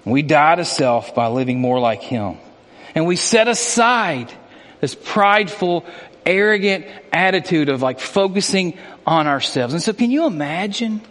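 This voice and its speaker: A man preaching a sermon in earnest, moving between hushed, slow passages and quick, impassioned ones. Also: high-pitched, in a large hall. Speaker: pastor.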